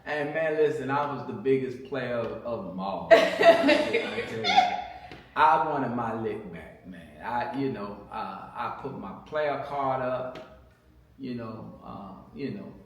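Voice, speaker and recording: A middle-aged man telling his marriage testimony in casual chat, full of fillers and repeats, getting loud when he quotes himself. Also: medium pitch, measured pace. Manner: animated storytelling, many fillers and repeats, bursts louder when quoting himself. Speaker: guest sharing marriage testimony. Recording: echoey room, mic at a distance.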